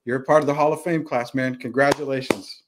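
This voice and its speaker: A man's voice: medium pitch, steady tone, fast talker, background noise. A man hosting a casual sports talk show, laid-back and saying "man" often. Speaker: show host.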